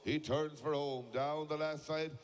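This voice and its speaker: A man's voice: a little high, steady tone, a little slow, clean tone. Man calling live shearing action. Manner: running play-by-play, urging the crowd to cheer. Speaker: shearing competition commentator. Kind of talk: live sports commentary over a PA.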